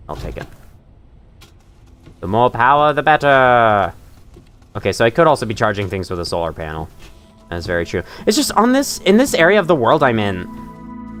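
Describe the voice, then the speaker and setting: Chatty, lively-voiced male game streamer. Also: mid-range voice, fairly quick, soft background music. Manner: chatty, self-deprecating, laughs often. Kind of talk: live gameplay commentary.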